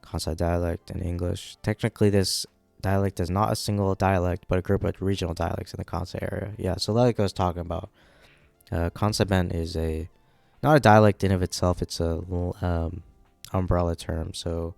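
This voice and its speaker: A man's voice: low voice, steady tone, normal speed, vocal fry, a little mellow, dry recording, soft background music. A man giving casual, rambling commentary on a manga during a live reading, often checking in with the audience. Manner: rambling, keeps checking in with "right?".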